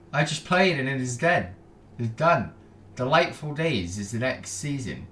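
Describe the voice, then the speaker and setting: A man's voice: medium pitch, very animated, normal speed, fairly bright tone, roomy sound, slight background noise. A man streaming casual reaction commentary, sarcastic and often trailing off mid-sentence. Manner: sarcastic, trailing off, self-interrupting. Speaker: gaming streamer reacting to videos.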